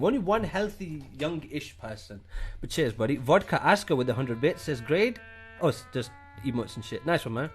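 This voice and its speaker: Young british guy on a live stream, voice all over the place, quick swears, some music in the back. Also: a little high. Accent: British English. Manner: casual and profane, thanks subscribers with a lively up-and-down voice. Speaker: streamer reading chat. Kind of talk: casual live-stream chat. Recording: faint music behind the voice.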